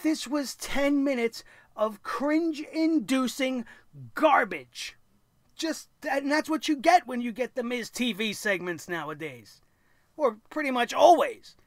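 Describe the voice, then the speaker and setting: A man's voice: extremely high pitch, lively intonation, slow pace, no echo. Ranting sarcastic man on a dry mic. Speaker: wrestling show reviewer. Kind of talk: opinionated solo commentary.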